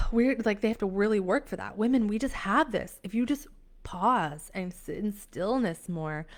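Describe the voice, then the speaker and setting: Woman, young adult, motivational coach on a live stream; emphatic, gushing, restarts a lot, middle pitch. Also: normal speed. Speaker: empowerment coach hosting a live session.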